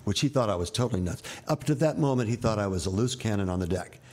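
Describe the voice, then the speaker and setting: A man's voice: lowish voice, lively intonation, quick pace, a little mellow. A man in his seventies, an actor and director, telling rambling, vivid stories with wry asides in an interview. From United States. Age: 70s. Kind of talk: candid storytelling interview.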